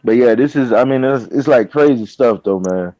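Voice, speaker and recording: A man's voice: mid-range voice, normal speed, mellow, no room sound. Slangy man on a dry, muffled call. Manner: loose, slangy, keeps saying "you know what I'm saying". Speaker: panel guest. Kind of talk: casual online panel chat.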